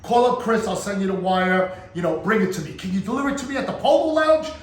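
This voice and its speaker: A man's voice: high voice, sing-song, fast, voice pushed up. A man voicing an eager, lovestruck male client who insists on what he wants. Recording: echoey room with faint ambience.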